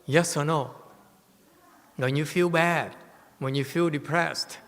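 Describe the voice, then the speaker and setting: Animated Buddhist teacher, man, in a reverberant hall. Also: a little high, slow pace. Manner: animated storytelling with rhetorical questions. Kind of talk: dharma talk. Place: temple hall.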